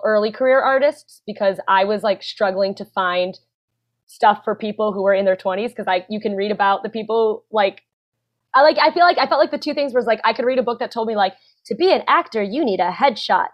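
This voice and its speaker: A woman's voice: mid-range voice, fairly quick, muffled recording. A young woman from Texas, chatting casually as a podcast guest, giggly and self-deprecating. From San Antonio, Texas.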